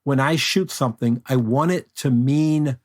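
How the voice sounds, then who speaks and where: An older man speaks in a steady, mid-range voice, rambling comfortably through anecdotes. He is a guest in a casual interview, taking his time with each thought. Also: mid-range voice. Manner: unhurried anecdotal storyteller. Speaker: guest photographer.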